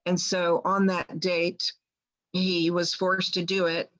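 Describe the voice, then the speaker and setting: Low, even-toned woman telling a story. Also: takes it slowly, rough recording. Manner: rambling with restarts, quotes others plainly. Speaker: guest healer telling her story. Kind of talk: casual storytelling.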